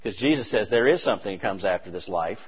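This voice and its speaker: A man preaching a sermon, animated and emphatic with conversational asides. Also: fairly low pitch, fast talker, slightly rough. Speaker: pastor. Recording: dull, reverberant hall recording.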